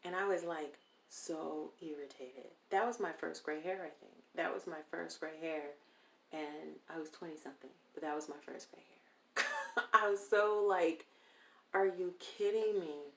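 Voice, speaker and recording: A woman telling a personal story in a casual interview, animated and acting out the people she quotes. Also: low voice, moderate pace, gravelly. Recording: roomy echo.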